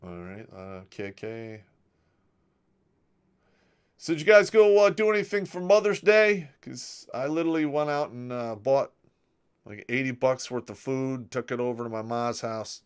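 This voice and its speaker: A man's voice: medium pitch, normal speed, clear, resonant tone. A middle-aged man hosting a livestream, telling crude, joking army stories in a casual way and reading out viewer comments, his voice often trailing off at the end of a phrase. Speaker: livestream host.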